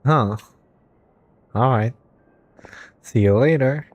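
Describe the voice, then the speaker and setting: A woman streaming a game, reacting in a chatty, excitable way. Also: extremely low pitch, slow, no room sound. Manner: chatty, excitable, stumbling on names.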